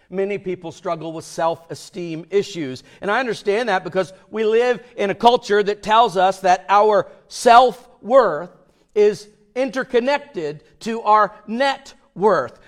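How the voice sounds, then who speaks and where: A male pastor preaching a sermon in an emphatic way, dropping to a hush and then rising loud for emphasis. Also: high voice. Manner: emphatic, with swings between hushed and loud.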